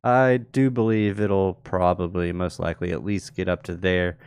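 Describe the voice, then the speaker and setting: A man's voice: low voice, steady tone, moderate pace, a little mellow, clean tone. A man hosting a live crypto market show, casually talking through charts and answering viewers in chat. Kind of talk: live chart analysis stream.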